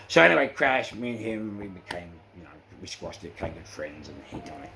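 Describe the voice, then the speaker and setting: A man with a London accent recounting prison episodes in animated storytelling, acting out the exchanges and often saying "you know". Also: on the low side, brisk, vocal fry, hardly any pauses, a little hiss or hum. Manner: acts out quoted exchanges, frequent "you know" fillers. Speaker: interviewee recounting prison life.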